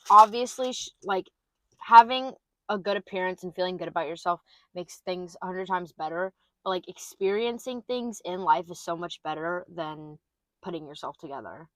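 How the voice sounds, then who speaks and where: Rambling young woman with a lowish voice. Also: moderate pace, no echo. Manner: rambling, trailing off, many "like" fillers. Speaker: podcast co-host. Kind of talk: casual chat.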